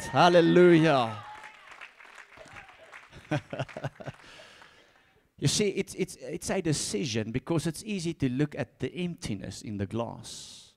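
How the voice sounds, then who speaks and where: A high-pitched man delivers a lively sermon. He repeats his key phrases and rises from soft asides to shouted calls. He laughs often and trips over his words when fired up. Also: takes it slowly, creaky, long pauses, some chatter behind. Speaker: pastor.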